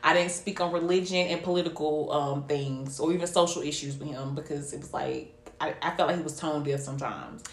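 A woman's voice: low-pitched, fairly even intonation, a little fast, few pauses, reverberant. A woman co-hosting a podcast, talking frankly and profanely in casual chat and acting out her own remarks. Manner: candid and profane, acts out her own past lines in quotes. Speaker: podcast co-host.

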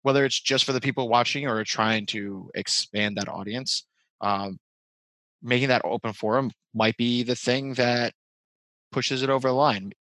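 A man's voice: mid-range voice, steady tone, moderate pace, sharp tone, no room sound, low-quality recording. A man from New Jersey chatting casually as a guest, hesitant and full of fillers. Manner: hesitant, stacks filler words. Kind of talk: casual chat.

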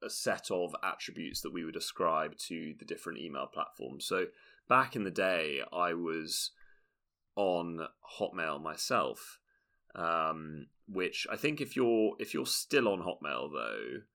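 Guy from england joking around on a podcast, low voice, bright tone. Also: lively intonation, a little slow, creaky. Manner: playful, jokey, puts on silly voices. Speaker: podcast co-host. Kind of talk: casual comedic chat.

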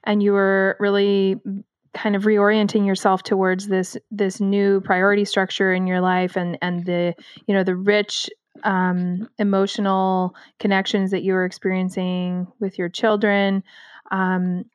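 A woman's voice: medium pitch, flat delivery, unhurried, clean tone, dry recording. A woman podcast host asking long, winding interview questions with many fillers.

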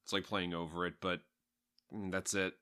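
A man's voice: low voice, little pitch movement, normal speed, sharp tone, clear, resonant tone. A young man co-hosting a podcast, casual chat with a dry, wry, opinionated manner. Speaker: podcast co-host.

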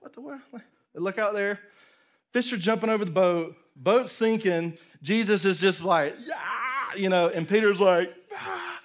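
Animated preacher man. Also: sits high, normal speed. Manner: animated storytelling, acts out voices, drops to near whisper. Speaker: pastor. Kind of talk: sermon.

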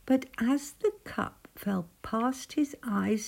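A woman reading a rhyming picture book aloud, gentle, often dropping to a hushed near-whisper. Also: on the high side, slow, creaky, breathy edge. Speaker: storyteller.

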